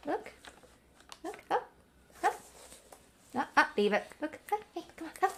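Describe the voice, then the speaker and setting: A woman's voice: sits high, very animated, unhurried, creaky, pauses often, fairly bright tone, a little hiss or hum. A young woman at home on a webcam call, hosting an online party for her dog, cooing at him and giving him commands. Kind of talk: casual chat on a video call.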